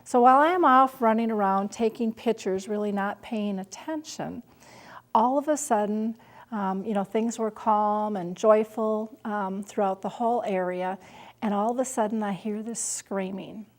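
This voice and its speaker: A middle-aged woman tells a personal caregiving story at an unhurried, deliberate pace. Her voice sits at an ordinary middle pitch. Now and then she drops to a near-whisper. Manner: slow and deliberate, at times dropping to a hush.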